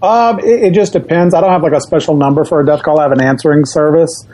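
A man as a podcast guest, telling anecdotes in a relaxed casual chat. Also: a little high, fast.

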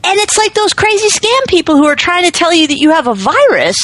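A woman co-hosting a casual podcast chat, telling stories with quick asides. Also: very high voice, sing-song, a bit bright, no room sound. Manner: chatty storyteller, quick asides. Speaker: podcast co-host.

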